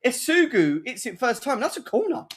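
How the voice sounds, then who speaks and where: A man calls a football match live for viewers. His pitch swings widely as he reacts to the play, and he swears freely. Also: normal speed. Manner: excitable, laughs a lot, swears. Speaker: watch-along host.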